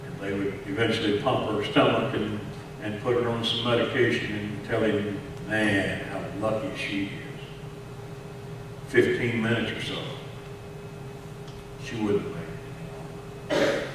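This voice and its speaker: Texan pastor preaching in an echoey hall. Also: male voice, fairly low pitch, little pitch movement, a little slow, noisy background. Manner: storytelling with frequent repeated words, swinging between hushed and raised. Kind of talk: sermon. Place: large church sanctuary. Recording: echoey church hall from far off.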